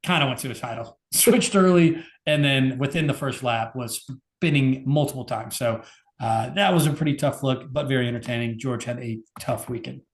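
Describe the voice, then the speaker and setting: A man's voice: mid-range voice, moderate pace. Chatty man with a roomy echo. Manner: laid-back, lots of fillers and "like". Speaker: podcast co-host. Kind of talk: casual chat.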